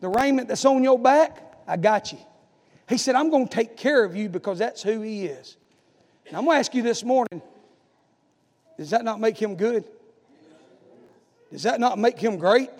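High-voiced preacher in a reverberant hall. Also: male voice, lively intonation, moderate pace, pauses often. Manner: preaches in swells, from hushed to shouting. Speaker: pastor. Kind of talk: sermon.

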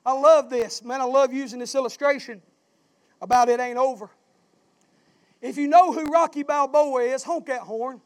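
A male pastor preaching a sermon, rising from plain talk into impassioned shouting. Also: very high voice, fairly even intonation, normal speed. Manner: southern-style preaching, swells into shouting.

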